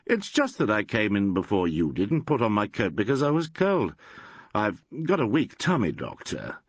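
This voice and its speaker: A blunt, short-tempered businessman who brushes others off, read by a man. The voice is husky and rather low. The recording is dry and close. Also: huge pitch swings, moderate pace, dry recording, highs cut off, full character voice. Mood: irritable. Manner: irritable and dismissive. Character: peevish, blunt middle-aged businessman.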